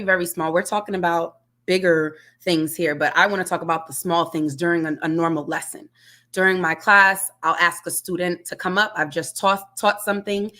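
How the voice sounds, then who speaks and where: A woman's voice: fairly low pitch, fairly bright tone. A woman, a music teacher, speaking earnestly on a webinar panel over a video call. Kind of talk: panel discussion.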